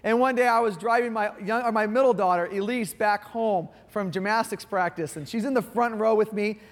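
High-pitched guy in his 40s giving a playful folksy sermon, lots of church echo. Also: fairly quick. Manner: folksy and playful, acts out his daughters' voices. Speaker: guest pastor. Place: church sanctuary. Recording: long hall reverb.

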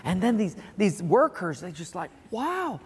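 A man's voice: high-pitched, animated, normal speed, husky, in a large hall. A man preaching a sermon to a congregation in an auditorium, telling an earnest story and then drawing a lesson from it. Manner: earnest, storytelling, chuckles at his own punchline. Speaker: pastor. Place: large auditorium.

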